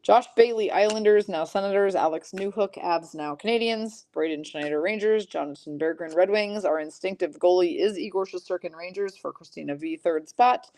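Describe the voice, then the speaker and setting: A woman hosting a live-streamed trading card break, briskly calling out each pull and teasing her chat viewers. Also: on the low side, a little mellow.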